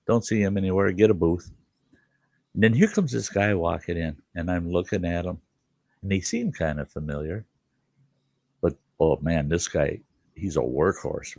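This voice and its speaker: A deep-voiced older man with a gravelly, creaky edge spins a folksy tale, chuckling as he goes. He acts out the other people in the story while he talks. The sound is dry and close, with no room echo. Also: a little mellow. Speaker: storyteller host. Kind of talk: casual spoken storytelling.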